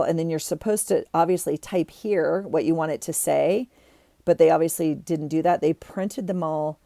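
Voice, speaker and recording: A woman's voice: sits low, creaky, warm tone, no echo. A woman vlogger chatting casually while she tidies her desk, rambling with many ums and restarts.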